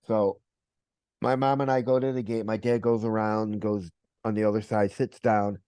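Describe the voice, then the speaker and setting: Low dark-voiced man telling a story. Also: normal speed, dry recording. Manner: animated retelling with quoted voices. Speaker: podcast host. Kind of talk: casual interview, storytelling.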